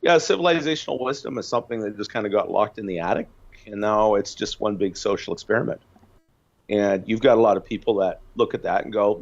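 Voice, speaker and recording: A man's voice: fairly low pitch, quick pace, gravelly, lo-fi sound. A man calling in to a show, musing in a thoughtful, hesitant way over a choppy line. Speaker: caller. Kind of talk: casual call-in chat.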